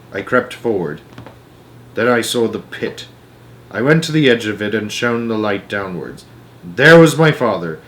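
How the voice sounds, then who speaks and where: A man hosting a storytime channel, reading a children's novel aloud with slow, hushed, dramatic pacing. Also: on the low side, lively intonation.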